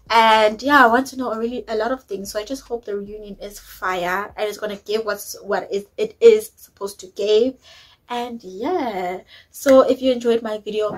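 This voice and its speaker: Lady vlogger, kinda high voice, spilling her opinions on a reality show recap. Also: rough recording. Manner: chatty and opinionated, mixing in isiZulu words. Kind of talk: casual recap chat.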